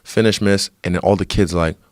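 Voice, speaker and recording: A man guest on a podcast, telling a story in an amused, drawn-out way. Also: low-pitched, fairly even intonation, no echo, clean studio sound. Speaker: guest fighter.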